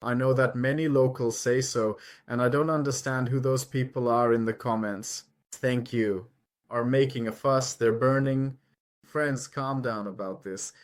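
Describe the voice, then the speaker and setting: A man's voice: mid-range voice, steady tone, a little slow. Chatty man vlogging from a truck cab. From Ukraine. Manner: rambling, chatty, addresses viewers as friends. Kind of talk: casual chat while driving.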